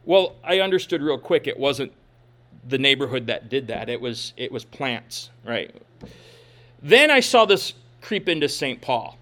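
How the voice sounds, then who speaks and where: A man's voice: mid-range voice, big pitch swings, measured pace, fairly bright tone. A man from Minnesota preaching a sermon, reading scripture aloud and adding casual asides. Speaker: pastor.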